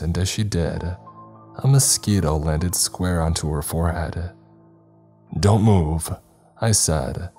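A man narrates a scripted horror story in a deep, unhurried voice. His tone is mellow and dark, calm and measured, with faint music running underneath. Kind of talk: scripted first-person narration. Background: faint background music.

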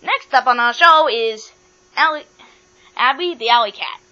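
A woman hosts a playful pretend talk show in a high, bright voice. She speaks in a bossy, matter-of-fact way and moves guests along. The recording is dull and lo-fi with mains hum. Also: measured pace. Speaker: host of a toy talk show.

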